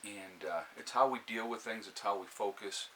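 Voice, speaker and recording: A man with a New York accent talks to his viewers in a calm, steady way, with a bright, forceful tone and a slightly low voice. He is sitting indoors by a fire, and a faint hiss sits under the recording. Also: moderate pace, low-quality recording. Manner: calm, steady advice with frequent fillers and restarts. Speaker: prepper channel host. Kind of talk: casual live-stream talk to viewers. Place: indoors by a fire, with a cat nearby.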